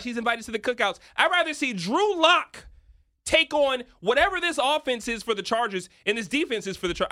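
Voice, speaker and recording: Young man, sports betting talk, high voice, very lively pitch, emphatic. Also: no echo, clean studio sound. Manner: emphatic, rising to excited near-shouts.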